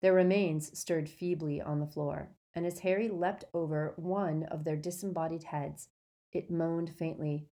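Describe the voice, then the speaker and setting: A woman with a fairly low voice reads a storybook aloud. Her narration stays steady and measured.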